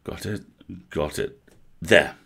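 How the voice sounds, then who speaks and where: A man reading aloud as a kind, patient male elf animal healer, gentle and coaxing. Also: a bass voice, animated, takes it slowly, vocal fry, heavily acted. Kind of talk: storybook character reading.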